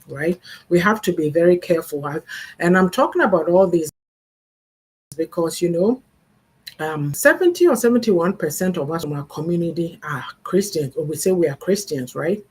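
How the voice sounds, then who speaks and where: Older woman, host of a live faith talk, husky, earnest and advising. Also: on the low side, expressive, moderate pace, a little mellow. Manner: earnest, advising, acts out parents' sayings. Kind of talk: livestream talk on family and faith.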